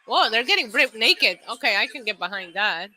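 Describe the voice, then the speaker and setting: A woman's voice: on the high side, sing-song, moderate pace, pushed and bright, rough recording. A young woman hosting a live wrestling watch-along, reacting bluntly with profanity and laughter and reading out viewer messages. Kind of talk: casual live reaction commentary.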